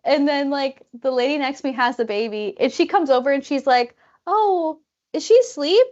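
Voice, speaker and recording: Woman, podcast co-host, casual storytelling, lots of "like", fairly high voice, dull lo-fi recording. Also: a little fast. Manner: animated, many "like" fillers, acts out quoted people.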